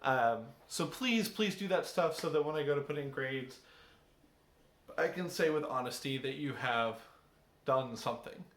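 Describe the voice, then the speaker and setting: In this recorded class lesson, a man teaching English reads a poem and talks it through with his students, frequently asking "right?" He has a medium-pitched, slightly bright voice at a moderate pace, and there's a little hiss or hum. The room gives off a noticeable echo.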